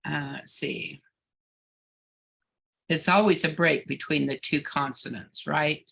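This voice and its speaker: A woman student asking a teacher halting, hesitant questions in a class. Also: low-pitched, creaky, fairly bright tone.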